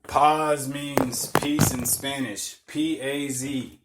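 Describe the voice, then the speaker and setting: A man's voice: mid-range voice, fairly even intonation, very slow, heavy background noise. A young man hosting a podcast, telling loose stories in casual chat, swearing often and laughing at his own jokes. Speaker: podcast host.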